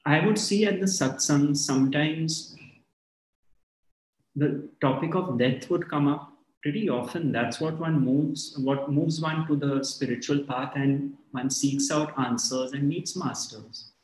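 Calm, reflective man giving a spiritual talk. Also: on the high side, measured pace. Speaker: spiritual teacher. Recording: echoey room.

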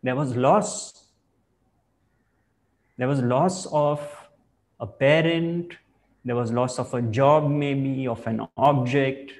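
A man giving a spiritual discourse as a teacher, in measured, reflective phrasing. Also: mid-range voice, fairly even intonation, a little mellow.

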